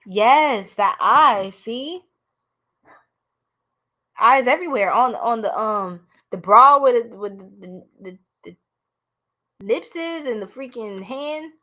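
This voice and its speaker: A woman with a New York accent giving a blunt, animated live tarot reading, talking straight to her viewers. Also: fairly high pitch, slow, long pauses. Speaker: tarot reader.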